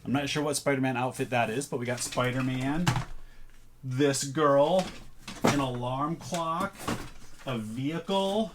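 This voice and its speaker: A man's voice: mid-range voice, a little slow, noisy background. A man casually chatting through a thrift haul, thinking aloud as he sorts items. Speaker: reseller showing a thrift haul. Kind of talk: casual vlog chat.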